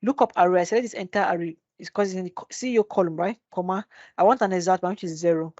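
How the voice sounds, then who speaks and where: A woman's voice: lowish voice, rapid-fire, a little mellow, no room sound. A woman teaching a live spreadsheet tutorial, often posing "which is what?" questions and answering them herself. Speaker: Excel instructor. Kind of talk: live screen-share tutorial. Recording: dull dry webinar audio.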